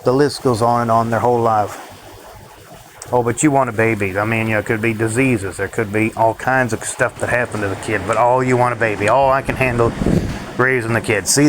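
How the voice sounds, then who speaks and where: A man rants to his viewers in a bitter, worn-out way, cursing often and laughing dryly between complaints. His voice sits at an ordinary middle pitch. A steady noise runs behind him, with passing vehicles. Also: a little fast. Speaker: vlogger. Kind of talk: ranting monologue to viewers.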